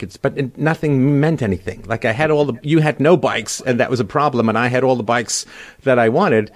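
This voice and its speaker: A man who grew up in London, a guest on a panel discussion, telling rambling anecdotes with lively asides. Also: mid-range voice, fairly quick. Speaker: podcast guest.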